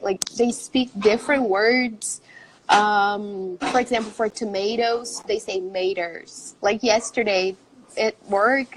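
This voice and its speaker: A woman's voice: mid-range voice, slight background noise, rough recording. A Brazilian-born woman, a native Portuguese speaker and English teacher, chatting in an interview and laughing often. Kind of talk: casual interview chat.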